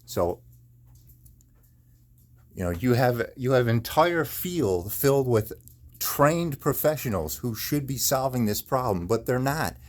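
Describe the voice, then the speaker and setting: A man's voice: mid-range voice, animated, takes it slowly, pauses often. A man in chronic pain delivering an angry, profane, repetitive rant in his own video. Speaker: video maker. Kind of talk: angry ranting monologue.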